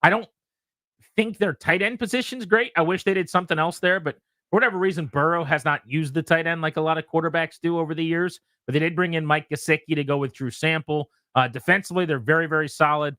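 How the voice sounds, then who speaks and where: Male sports talk host, higher-pitched and crisp, walks through rosters methodically. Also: steady tone, fast, pushed and bright, dry recording. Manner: methodical, lists players and picks.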